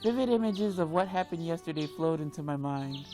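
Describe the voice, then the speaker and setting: A woman playing a video game and reading its text aloud, reacting loudly and dramatically. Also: sits low, expressive, brisk, faint music behind. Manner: reads dialogue aloud, with loud dramatic reactions. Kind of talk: let's play reading and reacting.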